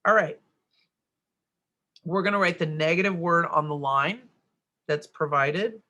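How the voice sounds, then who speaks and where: A woman's voice: on the low side, measured pace, pushed and bright, dull audio. A middle-aged woman teaching a grammar worksheet lesson, explaining step by step and checking in with "right?".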